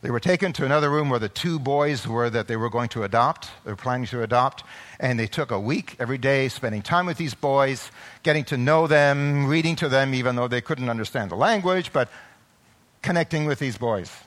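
A man preaching a sermon, moving from quiet explanation to loud, impassioned exclamations, and acting out the voices of parents and children. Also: mid-range voice, a little fast. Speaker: pastor.

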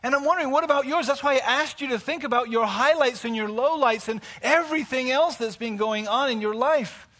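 Pastor, 50s, male; high bright voice, personal heartfelt sermon that builds to emphatic preaching. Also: fairly quick, hardly any pauses. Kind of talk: conversational sermon.

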